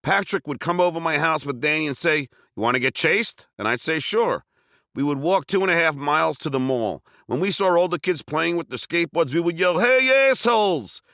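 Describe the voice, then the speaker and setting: A man from Long Island narrates his own memoir with a bright, sharp-edged voice. His delivery is wry and self-mocking, punching up the quoted lines with loud bursts. The sound is close and dry, with no room around it. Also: a little high, quick pace, gravelly, hardly any pauses, no room sound. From Long Island, New York. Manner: wry, self-mocking comic storytelling with sudden shouted quotes. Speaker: memoir author reading his book.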